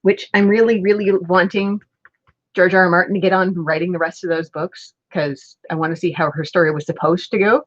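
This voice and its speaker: A woman's voice: on the low side, steady tone, fairly quick, dry recording. A woman chatting casually on a crafting live stream, laughing often between remarks. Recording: dull lo-fi stream audio.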